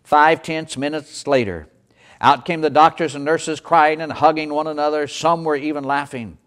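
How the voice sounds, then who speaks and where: A man delivers a sermon story in the first person. His voice sits a little high, and he tells the tale dramatically, leaning into the tension. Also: steady tone, normal speed, a bit bright. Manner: dramatic storytelling, voicing the characters.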